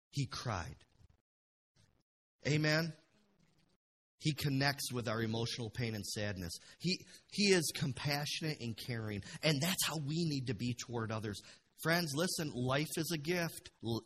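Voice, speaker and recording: A man pastor preaching a passionate sermon in a church, dropping to a hush and then rising to loud bursts. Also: mid-range voice, lively intonation, normal speed, a little hiss or hum. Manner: passionate, swings from hushed to loud.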